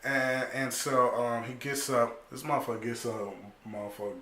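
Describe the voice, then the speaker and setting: Animated young man telling a story in an echoey room. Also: medium pitch, moderate pace. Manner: animated and profane, full of slang, acting out other people's lines. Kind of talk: casual storytime monologue.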